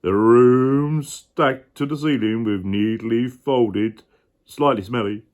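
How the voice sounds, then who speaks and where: A man's voice: medium pitch, takes it slowly, darkish tone. A man reading a children's picture book aloud in a playful way. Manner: playful, stops to joke about the story. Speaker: storybook reader.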